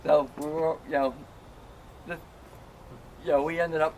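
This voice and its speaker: A middle-aged man tells a casual anecdote to friends, wandering through it with plenty of fillers and self-mocking humor. His voice sits a bit higher than most men's. A faint hiss runs under the recording. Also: flat delivery, unhurried, darkish tone. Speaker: storyteller among friends.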